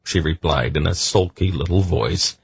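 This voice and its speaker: A man reading a fantasy novel aloud as an audiobook narrator, measured and gentle. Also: deep voice, vocal fry, husky, no echo. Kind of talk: scripted narration.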